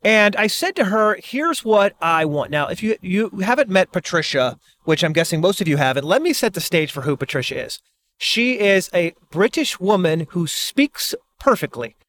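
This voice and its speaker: Brief: middle-aged man, slightly high voice, chatty and animated, acts out reactions. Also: moderate pace. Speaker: speaker and author. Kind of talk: casual monologue.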